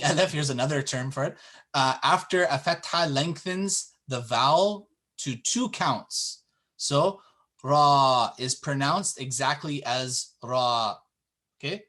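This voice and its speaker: A man teaching a classroom lesson, explaining patiently and drawing out example words slowly. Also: on the high side, fairly bright tone. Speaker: Arabic teacher.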